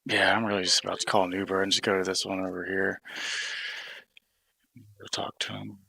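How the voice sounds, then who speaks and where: Gravelly man rambling on a livestream. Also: sits low, flat delivery, brisk, pushed and bright. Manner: rambling, restarts thoughts, mild cursing. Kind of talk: rambling casual livestream talk.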